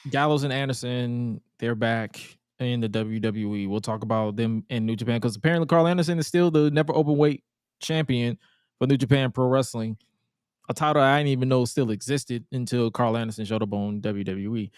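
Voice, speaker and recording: A man's voice: medium pitch, brisk, clear, resonant tone, no room sound, clean studio sound. A man hosting a casual wrestling podcast, talking bluntly and jokingly with plenty of swearing. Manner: blunt, profane, jokey. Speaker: podcast host.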